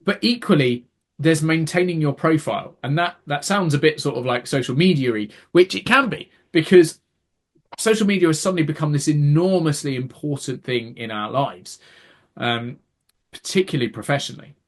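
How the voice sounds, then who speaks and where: A man's voice: on the high side, animated, moderate pace. A man, a podcast co-host who works as an actor, explaining at length in casual chat. He often restarts words and acts out quoted reactions.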